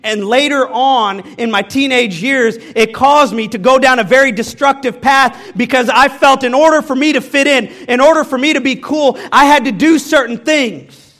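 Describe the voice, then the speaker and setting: High-voiced male pastor preaching. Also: normal speed, a bit bright. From American Midwest. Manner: candid, self-deprecating, speaks directly to the congregation. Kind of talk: personal storytelling sermon.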